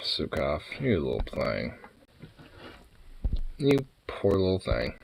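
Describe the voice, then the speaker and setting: A man's voice: extremely low pitch, huge pitch swings, slow pace, creaky, a little hiss or hum, rough recording. A young man vlogging in a loose, rambling way, swearing freely and laughing between thoughts. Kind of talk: casual rambling chat.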